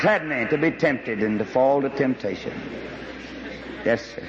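Folksy preacher in an echoey hall. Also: male voice, unhurried, a crowd in the background. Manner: folksy storytelling preacher, swings up high for emphasis. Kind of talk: sermon. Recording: dull, echoey hall recording with faint hiss.

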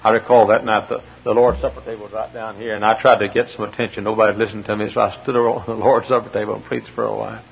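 Gravelly preacher telling a story. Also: male voice, fairly low pitch, level tone, racing, few pauses. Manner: storytelling, rising to emphatic bursts. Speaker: pastor. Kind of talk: sermon. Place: church. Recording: dull lo-fi sermon tape with faint hiss.

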